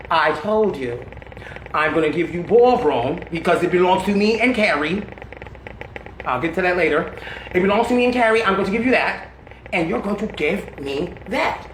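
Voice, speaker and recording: A woman telling candid stories in an interview, blunt, slangy and animated, laughing often. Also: fairly low pitch, normal speed, echoey room, a little hiss or hum, rough recording.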